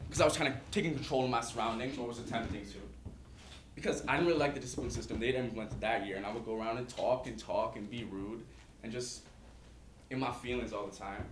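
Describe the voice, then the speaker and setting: A man's voice: medium pitch, fast talker, close to an everyday voice. Young man playing a defiant teen boy. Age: young adult. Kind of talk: staged reading monologue. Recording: echoey stage with clear hiss.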